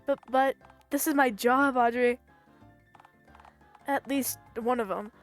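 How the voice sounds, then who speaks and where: A woman's voice: high-pitched, fairly even intonation, slow, faint music behind. A woman voicing a nervous, self-pitying male character with a phone for a head, who stammers a lot. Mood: flustered.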